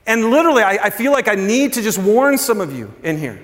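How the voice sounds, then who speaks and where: A man with a notably high speaking voice preaches to his congregation in a loose, chatty way. He asks them questions and drops into casual slang. At times he falls to a near-hush to drive a point home. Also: very animated, fast talker. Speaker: pastor. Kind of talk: sermon.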